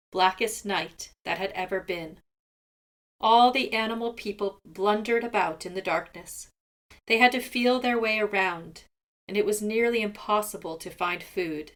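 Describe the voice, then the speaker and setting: A woman reading a folk tale aloud to children in an expressive, measured way. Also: medium pitch. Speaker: storyteller. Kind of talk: storybook read-aloud.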